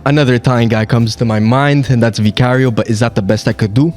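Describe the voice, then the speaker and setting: Man, quiz contestant, excitable, dramatic, casual banter. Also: medium pitch, fast, soft background music.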